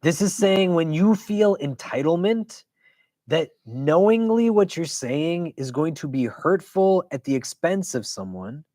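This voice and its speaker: A man, an imam, teaching a weekly religious class in a casual, conversational way. He keeps checking in with his listeners and tells stories with quick asides. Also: fairly high pitch, no echo. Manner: conversational, keeps asking "do you know?"; animated storytelling with quick asides.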